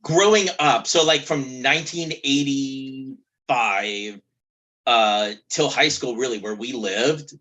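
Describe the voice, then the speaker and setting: A man's voice: medium pitch, slow, pushed and bright. A man from Kentucky co-hosting a podcast, chatting casually and telling stories at an easy pace. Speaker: podcast co-host. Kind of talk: casual chat.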